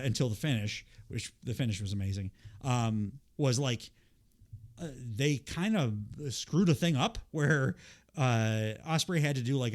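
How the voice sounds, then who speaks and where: A man hosts a podcast while fighting a cold. He recaps wrestling matches in a loose, rambling way, full of fillers and casual swearing. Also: mid-range voice. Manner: rambling, profane, lots of fillers and quoted impressions. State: has a cold. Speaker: podcast host.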